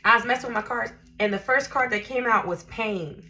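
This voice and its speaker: A woman's voice: a little high, fairly quick, sharp tone. A woman hosting a casual livestream chat as a tarot reader, chatty and laughing, reading out viewer comments.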